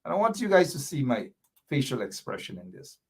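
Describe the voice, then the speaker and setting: A man's voice: mid-range voice, big pitch swings, brisk, husky. A man with a Guyanese accent hosting a political commentary show, talking indignantly and hammering home repeated rhetorical questions.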